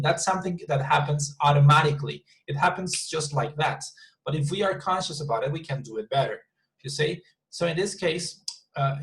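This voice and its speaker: A man with a slightly high voice teaches an English class online, patiently repeating words and slowly modelling sample sentences. The recording is low quality.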